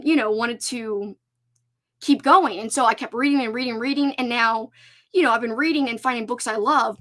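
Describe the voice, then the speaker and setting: A woman's voice: fairly high pitch, fairly bright tone. Gushing young woman live-streaming. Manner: effusive, gushing, many fillers. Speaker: book club host. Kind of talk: live stream book chat. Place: home room.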